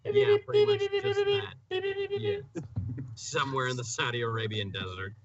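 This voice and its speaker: A man's voice: medium pitch, pushed and bright, dull audio, slight background noise. A man playing a tabletop game with friends, joking and sarcastic. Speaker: player. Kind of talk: casual tabletop game chat.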